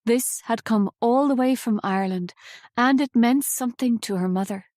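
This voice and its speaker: A woman reading a novel aloud as an audiobook narrator, in a measured, even storytelling manner on a close studio mic. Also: on the high side, no room sound.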